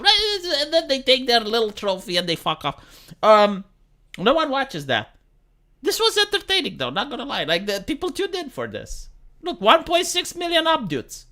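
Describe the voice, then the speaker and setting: A lively, bright woman streamer, sarcastic and profane. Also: high-pitched, normal speed. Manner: profane, sarcastic, stammers with repeated words. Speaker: live streamer. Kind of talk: casual reaction stream commentary.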